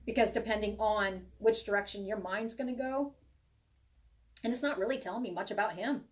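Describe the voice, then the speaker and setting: A woman's voice: medium pitch, a little fast. Rambling woman tarot reader, slightly distant mic. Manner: chatty, rambling, reassuring, many restarts. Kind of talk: live tarot reading for viewers.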